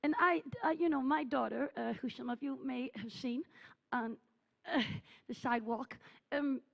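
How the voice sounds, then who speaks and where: A woman playing needy aging cabaret diva, high and gravelly. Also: normal speed. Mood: gushing, needy. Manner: gushing, melodramatic, needy, teasing the crowd. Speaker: cabaret performer. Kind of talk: live stage character comedy. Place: theatre stage at a festival.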